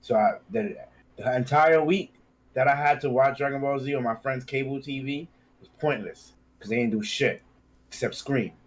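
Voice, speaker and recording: A man's voice: medium pitch, moderate pace, poor audio. A man on a podcast, bluntly telling a story in casual banter with friends. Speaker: podcast co-host. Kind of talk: casual chat.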